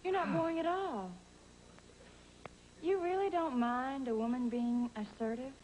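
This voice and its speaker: A woman's voice: high-pitched, measured pace, a little mellow, a little hiss or hum, rough recording. An actor playing a repressed woman in a studio sitcom, coy and blunt. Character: repressed woman turning boldly forward. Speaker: sitcom character, a lonely divorcee on a date.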